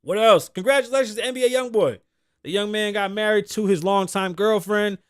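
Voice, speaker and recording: A man hosting a podcast, talking in casual, profane, animated commentary and acting out quotes. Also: high voice, a little fast, clean tone, no echo, studio quality. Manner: animated, swearing, joking, acts out quotes. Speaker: podcast host.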